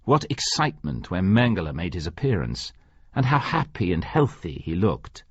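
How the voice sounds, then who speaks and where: A man narrating an audiobook in expressive scripted storytelling. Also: sits low, moderate pace, slightly rough, no room sound. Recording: dry, slightly dull audio.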